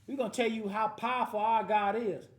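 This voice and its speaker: A man with a high, fairly even voice leads a Bible class, briskly commenting on each verse read aloud with loose street-slang asides before telling the class to read on. The lively commentary echoes in a roomy space with slight background noise.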